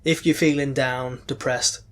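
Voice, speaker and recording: A man co-hosting a podcast, talking in a loose, halting way full of ums and restarts. His voice sits at an ordinary pitch, and faint music plays underneath. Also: steady tone. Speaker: podcast co-host. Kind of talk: casual chat.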